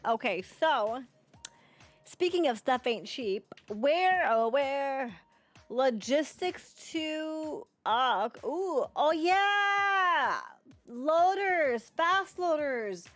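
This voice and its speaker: Woman streamer, chatty and playful, slightly high voice, unhurried delivery, faint music underneath. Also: animated, a bit bright. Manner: chatty and playful, laughs often, talks back to chat. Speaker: livestreamer. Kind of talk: live gameplay commentary and chat with viewers.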